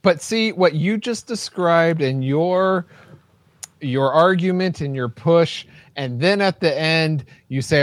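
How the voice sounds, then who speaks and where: A man co-hosting a casual movie review podcast, talking in a halting way with many restarts. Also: a little high, animated, no room sound. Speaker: podcast co-host.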